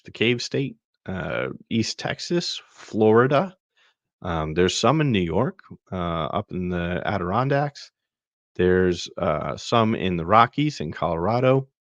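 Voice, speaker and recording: A podcast host with a very low, gravelly voice talks through a web tool in a loose, rambling way, full of fillers and restarts. The sound is dry and slightly dull, like a plain home setup. He comes across as relaxed and casual. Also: no room sound. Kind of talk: casual screen-share walkthrough.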